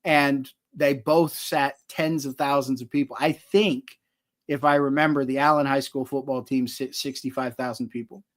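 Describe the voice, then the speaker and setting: A man's voice: medium pitch, steady tone, moderate pace. A man, likely in his forties, telling rambling self-deprecating stories as a guest on a video call. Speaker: author guest. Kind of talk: casual storytelling on a live chat.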